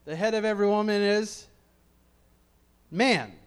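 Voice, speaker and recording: Middle-aged preacher guy, high voice, chatty bible teaching with little jokes, repeats his points. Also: a little slow, smooth. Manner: conversational, joking asides; repeats key phrases for emphasis.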